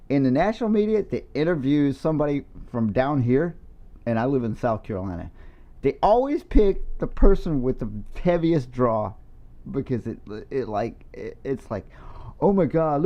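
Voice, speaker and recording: A man's voice: medium pitch, muffled recording. A man heckling a video with crude, sarcastic, profane commentary. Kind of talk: profane mocking commentary over a clip. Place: lives in South Carolina.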